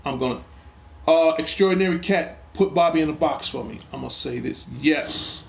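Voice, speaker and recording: A man's voice: fairly high pitch, moderate pace, gravelly, a little hiss or hum. A middle-aged man hosts a gaming talk stream, speaking emphatically and repeating himself while addressing a troll. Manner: emphatic, repeats phrases, heated toward a troll. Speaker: host of a gaming talk show. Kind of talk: casual live stream talk.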